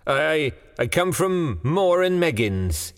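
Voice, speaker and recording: A man voicing a nervous, awkward company messenger in a spoken ghost story, stammering and formal, pitched above his own voice. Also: big pitch swings, slow, full character voice. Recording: long hall reverb, faint music.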